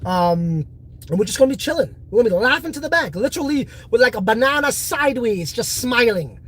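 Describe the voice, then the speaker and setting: A man's voice: very high-pitched, animated, fairly quick, fairly bright tone, slightly rough. A man hosting a casual crypto livestream, reading viewer comments in a boastful, profane, rambling way.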